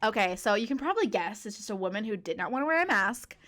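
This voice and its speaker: A young woman chatting casually on a podcast, telling a workplace story in an animated way, laughing often. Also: mid-range voice, quick pace. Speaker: podcast co-host.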